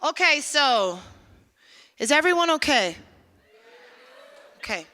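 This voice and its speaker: A woman's voice: high voice, very animated, takes it slowly, bright, forceful tone, a faint crowd. A woman hosting a live poetry event, chatty and emotional, restarting her sentences as she introduces performers. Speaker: event host. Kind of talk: casual stage hosting. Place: live stage at a museum event.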